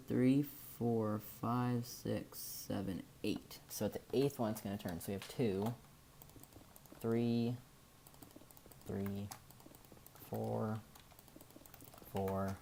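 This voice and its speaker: A man with a very deep voice talks through a game-building tutorial in an unhurried, rambling way. He thinks out loud, loses words and circles back to correct himself. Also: vocal fry, slight background noise. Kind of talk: casual gameplay tutorial narration.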